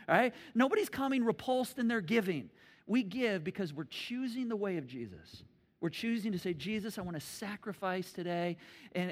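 Middle-aged male pastor, high voice, animated storyteller, long church-hall reverb. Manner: animated, acts out stories with loud shouts and sound effects. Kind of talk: sermon.

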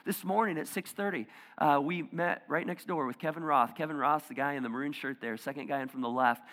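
A male pastor giving a conversational sermon, dropping to hushed near-whispers and rising to loud emphatic bursts. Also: on the high side, a little fast, long reverb tail. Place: church auditorium.

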